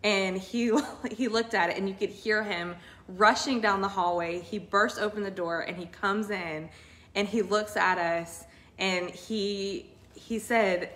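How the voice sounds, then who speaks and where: A woman's voice: mid-range voice, a little slow. A woman in her thirties telling a personal faith testimony in casual, earnest, emotional storytelling. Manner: emotional, earnest, animated retelling. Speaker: co-host sharing a testimony.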